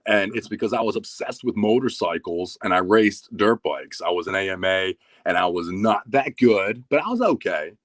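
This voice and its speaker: Talking at a moderate pace with hardly any pauses, this thirtysomething podcast guest swears freely while telling a story in casual conversation. There's no room sound, and his lively, profane delivery rises in volume and pitch as excitement builds.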